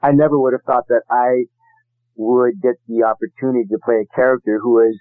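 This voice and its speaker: A man's voice: mid-range voice, flat delivery, brisk, smooth, no room sound. A man, an actor guest, answering interview questions and laughing easily. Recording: tinny phone-like line.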